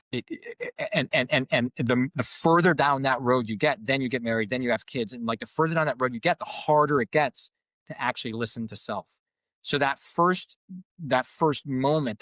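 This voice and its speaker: A man's voice: mid-range voice, a bit bright, no echo. A man speaks as a coach in a reflective podcast conversation. He is earnest and often repeats a word while he finds his thought. His voice sits in the middle range and sounds dry and close to the mic. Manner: earnest, repeats words as he searches for them. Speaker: coach and group facilitator.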